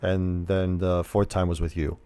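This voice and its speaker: A man's voice: deep voice, level tone, measured pace, warm tone, clear, resonant tone, no room sound. A man co-hosting a casual movie podcast, rambling and retelling scenes. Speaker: podcast co-host. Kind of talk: casual movie review chat.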